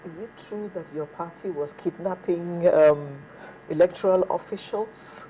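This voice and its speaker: A man's voice: high voice, unhurried, dark tone, slight background noise, poor audio. A man hosting a morning TV talk show in a studio, chatty with hesitant fillers as he sets up the news and introduces guests. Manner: chatty, hesitant fillers, reads names off a list.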